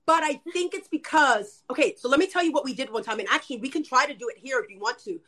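A woman talking quickly and eagerly on a live stream, guiding her viewers through an energy practice. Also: sits high. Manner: rapid, animated, addresses viewers as "you guys". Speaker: guest, spiritual energy worker. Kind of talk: casual live-stream chat.

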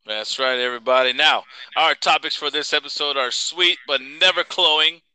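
A man's voice: a little high, moderate pace, bright, forceful tone, clean tone, no echo, rough recording. A man hosting a casual podcast, upbeat and joking as he reads out the intro. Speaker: podcast host.

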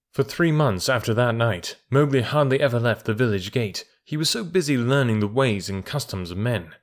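A man reading a classic storybook aloud in a calm, measured way. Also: mid-range voice. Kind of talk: storybook narration.

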